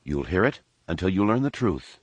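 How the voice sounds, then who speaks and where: A man voicing a young Jedi older brother who lectures quietly and sarcastically. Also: deep voice, sing-song, fairly quick, breathy edge, no room sound, heavily acted. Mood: lecturing.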